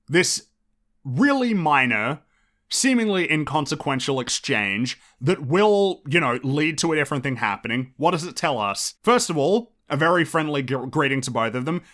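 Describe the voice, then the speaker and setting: A man's voice: a little high, big pitch swings, normal speed, fairly bright tone. A man hosting his own show, talking through a casual commentary monologue with lots of restarts and offhand swearing. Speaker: podcast host.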